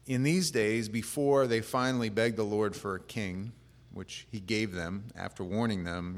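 A man with a lowish voice gives a sermon from the front of a church, talking casually rather than preaching loudly. He rambles a little, with plenty of fillers. His voice rings out in a long, hall-like reverb. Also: normal speed. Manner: relaxed, plain-spoken, rambling with fillers. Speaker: pastor.

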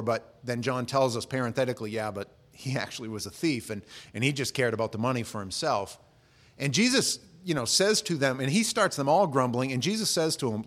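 A man's voice: medium pitch, lively intonation, normal speed, fairly bright tone. Conversational man preaching a sermon. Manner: conversational, acts out quoted voices, frequent restarts. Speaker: pastor.

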